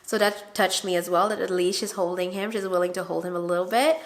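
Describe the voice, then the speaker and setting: A woman's voice: lowish voice, fast. Chatty woman vlogger telling a story. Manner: chatty, animated, many fillers and quoted dialogue. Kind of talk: casual storytelling to camera.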